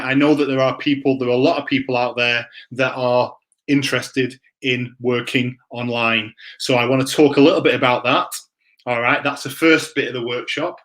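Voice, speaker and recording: A man's voice: medium pitch, fairly bright tone. A man hosting a live online Q and A, greeting viewers by name in an upbeat, chatty way. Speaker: livestream host. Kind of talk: live Q and A stream chat.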